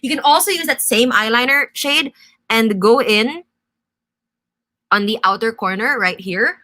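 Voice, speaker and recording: Woman, young adult, bright clear voice, chatty live-stream makeup tutorial host, instructive. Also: on the high side, a little slow. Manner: chatty, instructive, answers viewer comments.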